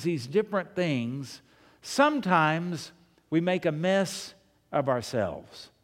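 A man's voice: on the high side, big-room sound. A man preaching a sermon from the pulpit, telling folksy stories and asking his listeners rhetorical questions. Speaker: pastor. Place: church sanctuary.

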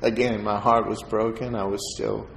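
A man preaching his personal testimony, telling the story with lively acted-out voices. The recording has a long, ringing echo of a large hall and a faint room hum behind him. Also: on the low side, moderate pace, gravelly. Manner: animated storyteller, acts out quoted voices with laughter. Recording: echoey hall with faint ambience.

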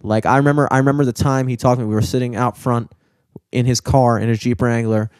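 A man's voice: medium pitch, fairly even intonation, quick pace, darkish tone, dry recording, studio quality. A young man in casual chat, rambling and swearing, with lots of filler words.

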